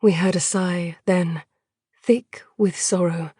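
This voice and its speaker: A woman reading an audiobook as narrator, measured and hushed. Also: on the low side, fairly even intonation, husky, no echo, studio quality. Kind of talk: scripted dark fantasy narration.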